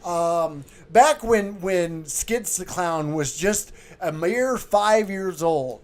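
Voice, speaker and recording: High-voiced middle-aged man chatting casually. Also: slow pace. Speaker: podcast co-host, clown. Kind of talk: casual chat.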